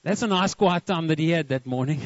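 Lively preacher man. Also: a little high, brisk, no room sound, highs cut off. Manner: lively, asks the congregation questions. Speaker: pastor. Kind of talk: sermon.

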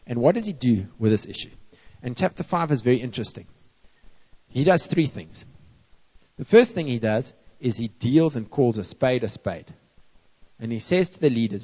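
A man's voice: mid-range voice, slightly rough. A man preaching a sermon to a church, acting out complaining people and playfully scolding them. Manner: lively, acts out moaning people and scolds playfully. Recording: dull, long-reverb hall.

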